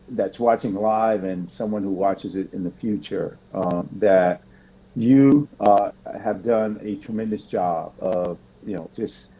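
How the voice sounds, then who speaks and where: A man's voice: on the low side, warm tone, low-quality recording. A man, a pastor and men's ministry director, chatting casually, joking and giving thanks. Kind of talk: casual chat.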